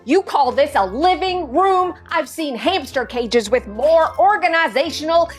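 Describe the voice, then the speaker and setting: A woman voicing a bossy female boot-camp colonel with a Southern accent, barking orders loudly. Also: high voice, animated, measured pace, soft background music, pitched above the performer's own voice. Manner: barking orders, loud and commanding.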